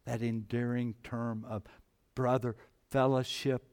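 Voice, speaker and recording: A man preaching a sermon, moving between hushed, low passages and loud, emphatic climbs. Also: fairly even intonation, takes it slowly. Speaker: pastor.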